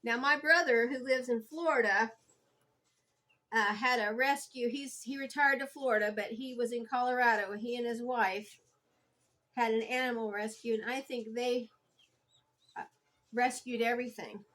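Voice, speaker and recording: A woman's voice: on the high side, steady tone, moderate pace, pauses often, a bit bright. A woman chatting casually in her home kitchen as she bakes and tastes a recipe for her vlog, homey and talkative. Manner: homey and chatty, talks while chewing. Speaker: homestead cooking vlogger. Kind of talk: casual cooking chat.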